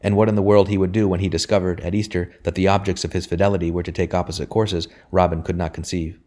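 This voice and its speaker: A man's voice: low-pitched, flat delivery, fast talker, warm tone. A man narrating a historical novel as an audiobook, reading steadily. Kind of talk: scripted narration.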